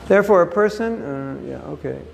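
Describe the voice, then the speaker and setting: A man's voice: high-pitched, lively intonation, brisk, gravelly, in a large hall, a little hiss or hum. A man giving a scripture class, reading a passage aloud and then explaining it with emphatic asides, recorded on a phone.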